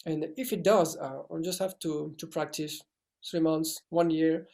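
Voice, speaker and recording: A young man in his twenties from France, speaking English with a French accent in a halting interview style with many restarts. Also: a little high, fairly even intonation, gravelly, a little mellow. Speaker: actor guest. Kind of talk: casual interview talk.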